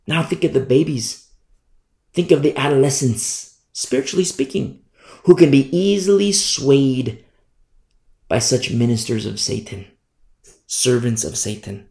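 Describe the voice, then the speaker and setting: A man's voice: medium pitch, animated, measured pace, pauses often, a little mellow. A male pastor preaching a fervent sermon, driving points home with repetition. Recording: roomy echo.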